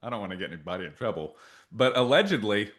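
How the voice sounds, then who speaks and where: A man in his thirties co-hosting a podcast, telling stories in casual chat and acting out the quotes loudly. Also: fairly low pitch, fast. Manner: animated storyteller, acts out quotes loudly. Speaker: podcast co-host.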